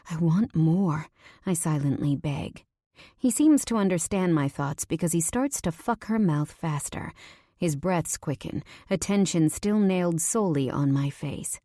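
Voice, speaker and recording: A woman narrating a first-person romance audiobook in an intimate way, dropping at times to breathy whispers. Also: sits low, warm tone, no echo, clean studio sound.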